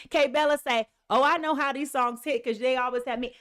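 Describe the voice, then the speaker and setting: A woman's voice: high voice, steady tone, a little fast, a bit bright. A woman reading tarot on a live stream in an emphatic, casual way, often saying "okay" and "y'all". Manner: sings snatches of songs and reads lyrics aloud. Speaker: tarot reader.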